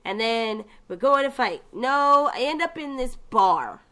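Brief: woman, fairly high voice, casual gaming chat, animated storyteller who slips into mock voices. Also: measured pace.

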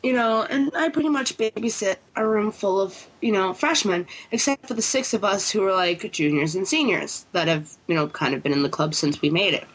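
A woman's voice: mid-range voice, brisk, hardly any pauses, slightly rough, low-quality recording. A woman student talking casually about her club, rambling with many fillers. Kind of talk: casual chat.

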